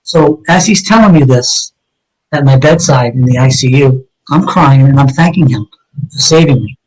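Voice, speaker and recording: A man's voice: medium pitch, lively intonation, normal speed, low-quality recording. A man, a retired police detective, earnestly recounting an emotional personal story in an interview, with frequent ums and uhs.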